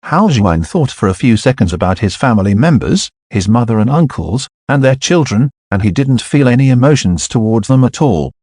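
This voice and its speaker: A man narrating a novel as an audiobook in a steady, even read. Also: medium pitch, normal speed, hardly any pauses, husky, dry recording, clean studio sound.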